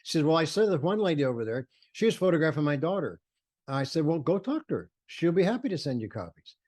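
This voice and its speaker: A man's voice: a little high, very animated, fast talker, a little mellow. Enthusiastic older man telling photo stories. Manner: enthusiastic, acts out quoted voices, many fillers and restarts. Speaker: photographer, interview guest. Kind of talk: animated storytelling in conversation.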